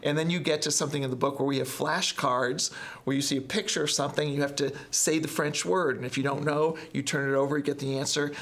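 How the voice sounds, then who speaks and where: A man's voice: on the high side, fairly even intonation, fast talker, fairly bright tone. A middle-aged man, a guest author, talking enthusiastically in a podcast interview and acting out example phrases. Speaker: guest, language textbook author.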